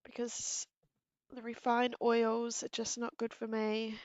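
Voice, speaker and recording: A woman's voice: a little high, monotone, slow, dry recording. A woman with a New Zealand accent hosting a craft livestream, chatting casually and giggling with her viewers. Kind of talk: casual live-stream chat. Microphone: earpiece and mic at desk.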